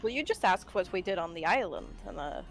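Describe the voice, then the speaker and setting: A woman's voice: on the low side, animated, fairly quick, faint music behind. A woman playing a tabletop game, speaking in character in a dry, sarcastic way. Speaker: player. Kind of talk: in-character tabletop role-play.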